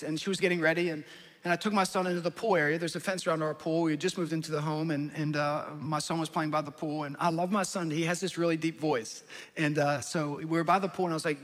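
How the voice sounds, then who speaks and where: A high-voiced, bright male pastor tells family stories in a sermon, acting out his kids and wife with sudden jumps in pitch. His voice rings out with a long reverb, as if filling a large church hall. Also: fairly quick. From New Jersey. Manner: animated storyteller, acts out family voices.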